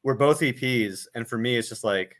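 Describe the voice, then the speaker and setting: A man hosting an interview, with a booming, animated way of talking. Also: normal speed. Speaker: host. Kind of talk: casual conversation.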